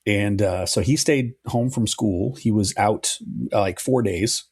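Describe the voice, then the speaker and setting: A middle-aged man co-hosting a podcast, telling a long story in a relaxed, chatty way and swearing now and then. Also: on the low side, a little slow, breathy edge, no echo, clean studio sound. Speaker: podcast co-host. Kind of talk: casual podcast chat.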